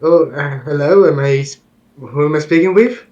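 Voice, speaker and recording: A man playing a tabletop game who speaks haltingly, with many ums and uhs. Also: fairly high pitch, a little mellow, highs cut off. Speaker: player. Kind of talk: in-character tabletop play.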